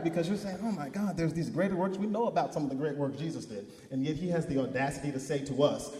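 A man's voice: on the high side, warm tone. A male pastor preaching a sermon, leading the congregation in call-and-response with rising, emphatic declarations. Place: church sanctuary. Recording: echoey hall.

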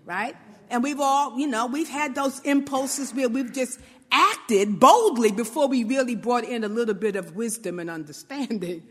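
High-voiced Brooklyn woman in a reverberant space. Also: moderate pace, slightly rough. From New York, Brooklyn. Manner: conversational, often asks "right?", acts out little quotes. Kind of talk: informal motivational talk.

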